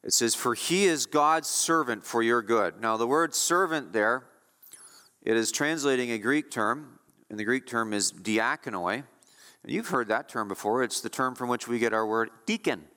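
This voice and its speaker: A man's voice: medium pitch, pushed and bright, big-room sound. A male pastor preaching a sermon with emphatic delivery, repeating key phrases to drive points home.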